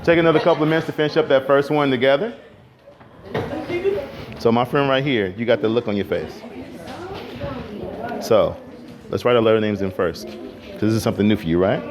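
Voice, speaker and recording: A man teaching a music class, keeping students on task with firm, brisk directions and some playful teasing. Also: mid-range voice, crowd noise. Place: school classroom. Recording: noisy classroom with students chattering.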